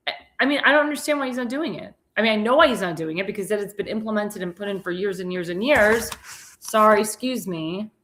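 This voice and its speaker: A woman's voice: mid-range voice, animated, quick pace, fairly bright tone. A woman hosting a political talk show, talking emphatically with many restarts and repeated words, and sounding tired. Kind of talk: political commentary monologue.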